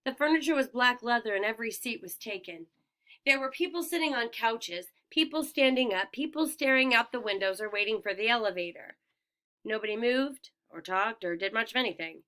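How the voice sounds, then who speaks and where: A woman narrating a first-person audiobook in a clear, expressive storytelling manner. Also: fairly high pitch, brisk. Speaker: audiobook reader.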